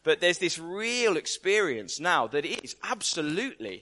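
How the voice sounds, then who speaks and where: A man's voice: a little high, big pitch swings, normal speed, pushed and bright. A man giving a conversational sermon, emphatic and full of rhetorical questions. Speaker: preacher.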